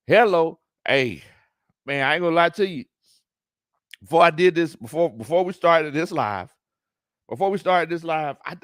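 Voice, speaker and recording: Laughing often and drawing his words out casually, a man hosts a live sports stream and reads through chat comments with animated energy. This sports talk show host's voice is a little high. The sound is clean studio audio with no room sound.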